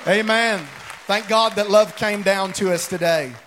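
A man's voice: sits high, unhurried, a faint crowd, a little hiss or hum. A man preaching a sermon in a church, calling on the congregation to repeat phrases back to him. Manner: energetic call-and-response preaching. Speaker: pastor. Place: church sanctuary.

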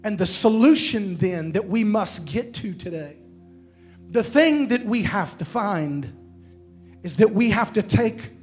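High-voiced preacher man over soft music. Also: expressive, a little slow. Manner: preaching with call-and-response to the congregation. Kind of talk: sermon.

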